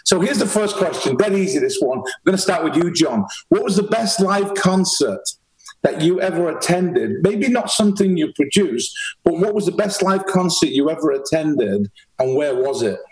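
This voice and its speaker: A man's voice: fairly high pitch, expressive, moderate pace, a little mellow, low-quality recording. A man from England, hosting a podcast interview in a chatty, upbeat way. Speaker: podcast host. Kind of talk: casual interview chat.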